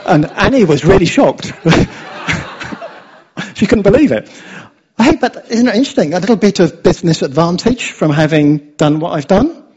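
A man's voice: high-pitched, lively intonation, moderate pace, a little mellow, slightly rough. An English man giving a chatty sermon, often asking his listeners "yeah?" as he tells stories. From England. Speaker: preacher. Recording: dull lo-fi sound.

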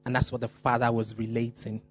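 Emphatic male preacher, mid-pitched. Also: monotone. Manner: emphatic, repeats key phrases, slow stressed words. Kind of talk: sermon.

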